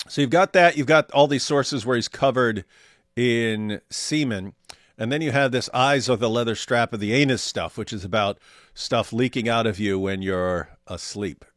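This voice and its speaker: A man's voice: medium pitch, normal speed, fairly bright tone, no room sound, clean studio sound. A man co-hosting a casual livestream, reading viewer chat aloud with sardonic humor. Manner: sardonic, mock voices for quoted viewers.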